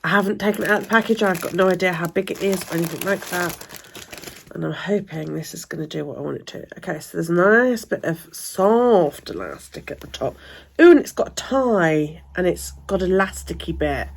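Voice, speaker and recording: Brief: gravelly woman vlogger, chatty, sweary, ranting. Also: fairly low pitch, expressive, a little fast, a little hiss or hum. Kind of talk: casual chat.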